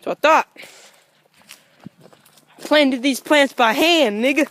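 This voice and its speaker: A woman's voice: high-pitched, takes it slowly, a bit bright. A woman vlogging in her yard, talking bluntly and profanely to dogs in a playful, scolding way. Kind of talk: casual vlog, talking to dogs. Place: outdoor yard at home.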